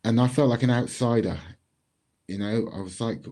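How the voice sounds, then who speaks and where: A man tells a personal story in a low, mellow voice. He speaks in a measured, reflective way and leaves pauses between thoughts. His tone is warm and relaxed. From Bristol, England. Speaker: community speaker.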